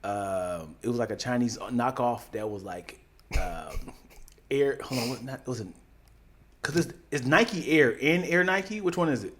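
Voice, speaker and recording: Lively podcast co-host man. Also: a little slow. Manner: lively, playful, trails off into low mumbles. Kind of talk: casual chat.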